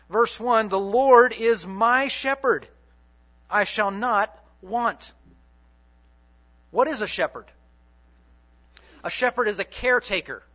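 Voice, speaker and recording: A man preaching a sermon dramatically, repeating key phrases and swinging between loud and soft. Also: sits high. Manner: dramatic, repetitive preaching with big swings in loudness and pace. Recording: dull lo-fi sermon recording.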